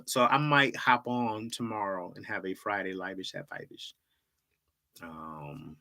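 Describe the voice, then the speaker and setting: A man's voice: fairly low pitch, bright, forceful tone. A man hosting a livestream in casual chat, rambling and joking and laughing often. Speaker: livestream host.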